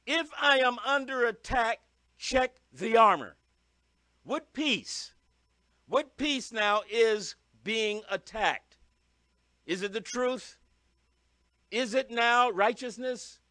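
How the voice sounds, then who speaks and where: Emphatic high-voiced male preacher, slow. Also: dry recording. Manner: emphatic, repetitive preaching with sudden loud stresses. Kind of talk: sermon.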